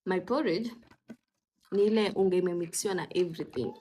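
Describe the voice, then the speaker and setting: Young mother, casual vlogger; chatty, switches between English and Swahili, very animated pitch. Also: a little fast, very noisy. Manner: chatty, mixes English with Swahili, coos at her toddlers. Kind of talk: casual vlog chat.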